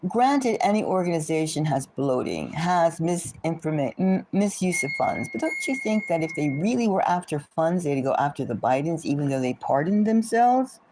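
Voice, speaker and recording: A woman's voice: low-pitched, sing-song, normal speed, few pauses, noisy background. A woman hosting a tarot channel, ranting about politics in a rambling, indignant way, full of rhetorical questions and self-interrupting asides. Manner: rambling with frequent restarts and asides. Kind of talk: rambling political commentary to camera.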